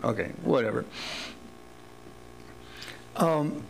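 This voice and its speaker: A man preaching a sermon in a relaxed, conversational way, with wry humor as he retells Bible stories. His voice is gravelly, and a faint hum runs under the recording. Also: medium pitch, normal speed, poor audio. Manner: casual, joking paraphrase of scripture. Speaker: pastor.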